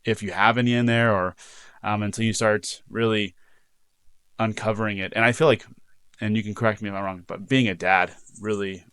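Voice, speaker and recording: A man's voice: lowish voice, steady tone, brisk, a bit bright, clear, resonant tone, no echo. A man co-hosting a dads podcast, talking earnestly and reflectively and inviting the other's view. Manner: earnest, reflective, asks for input. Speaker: podcast co-host. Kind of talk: casual conversation.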